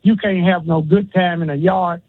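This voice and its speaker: A man's voice: high voice, steady tone, normal speed, husky, dry recording. A man calling into a radio show, rambling casually from topic to topic. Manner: rambling, casual, laughs between phrases. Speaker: radio caller. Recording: tinny phone line.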